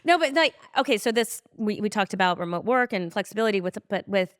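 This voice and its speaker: A woman's voice: mid-range voice, lively intonation, quick pace, no room sound, studio quality. A woman hosting a podcast, chatting casually and enthusiastically, often agreeing with her guest. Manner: enthusiastic, frequent agreeing and laughing. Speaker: podcast host. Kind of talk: casual conversation.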